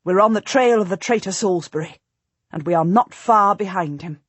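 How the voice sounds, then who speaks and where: A woman's voice: mid-range voice, a little fast, husky, no room sound, natural voice. A woman reading the lines of an eager, urging warrior queen in an audiobook. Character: jubilant warrior queen, middle-aged woman.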